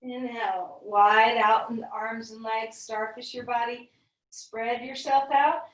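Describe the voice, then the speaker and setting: A woman leading a guided yoga class, giving calm, gentle, encouraging cues. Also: on the high side, slow pace. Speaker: yoga teacher. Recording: echoey room, voice from a distance.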